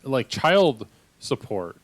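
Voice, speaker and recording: A male host doing improvised comedy banter, deadpan and patient, often restarting his sentences. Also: mid-range voice, very slow.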